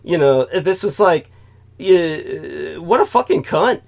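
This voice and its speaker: A man's voice: a little high, animated, slow pace, gravelly, a little mellow. A man hosting a talk show, rambling through a profane, digressive monologue and laughing at his own remarks. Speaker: host.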